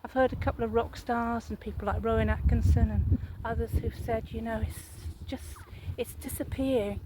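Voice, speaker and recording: A woman's voice: a little high, steady tone, normal speed, heavy background noise. A woman, talking casually to her viewers in a rambling, chatty vlog monologue and putting questions to them. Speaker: vlogger.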